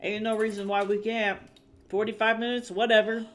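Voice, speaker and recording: Man from the US, high voice, casual stream chat, swears a lot, keyboard clicks behind. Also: level tone, normal speed, a bit bright. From United States. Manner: chatty, swearing freely, reacting to chat. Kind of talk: casual livestream chat with viewers.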